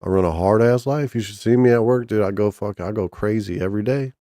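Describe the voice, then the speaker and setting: A man's voice: on the low side, fast, dark tone, no echo, studio quality. A man casually chatting on a stream, rambling and joking crudely with lots of restarts. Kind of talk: casual profane chat with chat and co-host.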